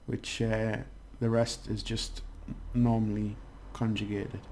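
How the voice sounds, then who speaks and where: A man's voice: lowish voice, level tone, takes it slowly, gravelly, a little mellow, a little hiss or hum. Rambling man teaching a casual lesson. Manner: chatty, rambling, many restarts and fillers. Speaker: language teacher.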